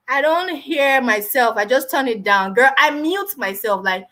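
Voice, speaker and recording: A middle-aged woman hosting a casual live stream, talking loudly and with lots of energy, on a built-in mic with no lapel mic. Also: high-pitched, unhurried. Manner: loud, animated, says she is always shouting.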